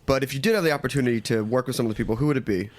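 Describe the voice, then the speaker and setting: A man hosting a radio show, asking interview questions in a relaxed way. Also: mid-range voice, very fast.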